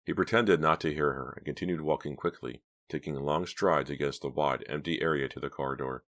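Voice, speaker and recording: A man narrating a novel as an audiobook, in a measured, hushed storytelling manner. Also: rumbling low. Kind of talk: scripted narration.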